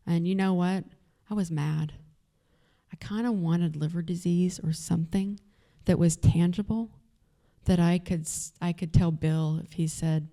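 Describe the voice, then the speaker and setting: A woman speaking at an event recounts her own experiences to the audience in a Texas accent, openly and casually, peppering her talk with fillers. She has a lowish, mellow voice with a steady tone and an unhurried delivery.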